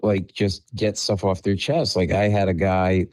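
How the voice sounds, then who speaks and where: A man's voice: low-pitched, unhurried, dry recording, poor audio. A man, a comedian, telling stories on a podcast and acting out the dialogue in them. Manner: animated storyteller, acts out dialogue. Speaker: comedian guest. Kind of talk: storytelling podcast chat.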